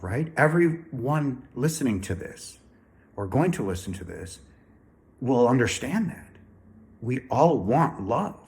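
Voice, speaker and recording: A man talks straight to his viewers in an earnest, emphatic way. He repeats phrases and keeps calling out to "ladies and gentlemen." He says he is still a little sick. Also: mid-range voice. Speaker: spiritual speaker. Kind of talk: earnest direct-to-camera talk.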